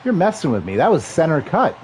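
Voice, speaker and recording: A man in his thirties talks through a football video game live, mixing play calls with rambling asides to his chat. His voice sits a little high and leaps around excitedly. A faint hum of noise sits under the recording. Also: a little fast. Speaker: livestream gamer and commentator.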